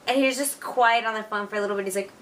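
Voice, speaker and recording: A chatty young woman in her twenties records a casual video letter to a friend at home, excitable and full of "like" and "you know". The mic sits a little away from her, and faint noise hums underneath. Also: fairly high pitch, racing, distant mic. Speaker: vlogger. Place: at home, alone.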